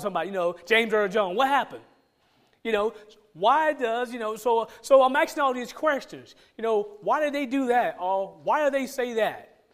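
High-voiced pastor preaching casually. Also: male voice. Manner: asks many rhetorical questions; informal, joking with the congregation. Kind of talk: conversational sermon.

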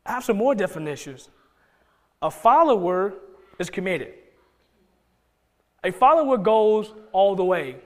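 A man pastor preaching a conversational sermon to his church, with many restarts and bursts of excitement. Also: sits high, a little slow, pauses often, big-room sound. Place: church sanctuary.

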